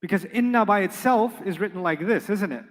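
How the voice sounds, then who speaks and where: A man's voice: sits high, a little fast, big-room sound. A man teaching Arabic grammar to a class, emphatic, repeating key points and quizzing his students.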